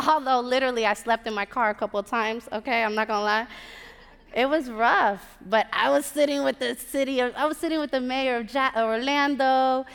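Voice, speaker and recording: A woman from Puerto Rico telling a personal story on a theater stage, animated, with sassy asides to the audience. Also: high-pitched, a little fast, a little hiss or hum. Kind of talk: live storytelling performance. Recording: live theater with long reverb.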